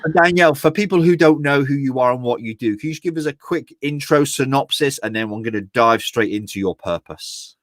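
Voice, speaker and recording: A man's voice: mid-range voice, fairly quick, few pauses, no room sound, studio quality. A British man hosting a live online interview, enthusiastic and rambling, often restarting his sentences. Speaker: podcast host.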